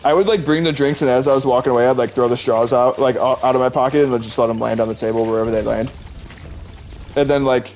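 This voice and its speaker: A man's voice: mid-range voice, fairly even intonation, fast talker, darkish tone, slight background noise. A man streaming live, chatting casually and rambling with lots of "like" and frequent laughter while he plays a game. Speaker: Twitch streamer. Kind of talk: casual chat while gaming.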